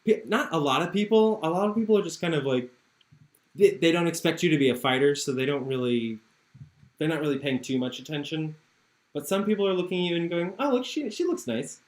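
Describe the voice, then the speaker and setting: A relaxed game master narrating a tabletop game and laughing along with the player. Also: medium pitch, fast, roomy sound.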